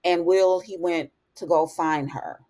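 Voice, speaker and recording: A woman giving a chatty, animated episode recap in casual talk, dropping in words like honey and baby. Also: fairly low pitch, measured pace. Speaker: TV recap vlogger.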